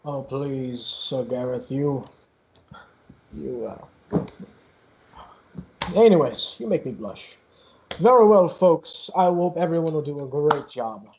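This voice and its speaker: A man's voice: on the high side, expressive, slow pace, long pauses, a little mellow, a little hiss or hum. A man voicing a flamboyant, vain male keytar star who gushes at everyone. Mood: flattered. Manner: showy, self-adoring.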